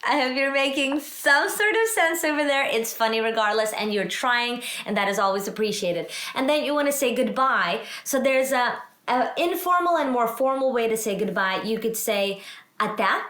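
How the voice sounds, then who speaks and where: A woman's voice: fairly high pitch, fairly bright tone. Encouraging woman teaching words in an echoey room. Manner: encouraging, self-deprecating, slows down to model words. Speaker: language teacher. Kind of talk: casual spoken language lesson.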